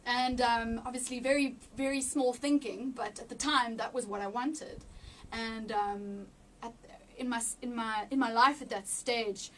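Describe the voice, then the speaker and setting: A woman with a high voice shares a personal faith testimony, halting and restarting as emotion rises close to tears. She sits a little back from the mic, with a faint hum of room ambience behind her. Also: fairly even intonation, far from the mic. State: near tears. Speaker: interview guest.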